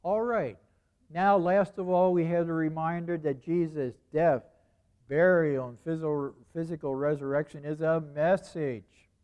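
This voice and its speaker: A man's voice: on the high side, darkish tone, clear, resonant tone. A man preaching a sermon in a conversational way, repeating phrases and asking rhetorical questions.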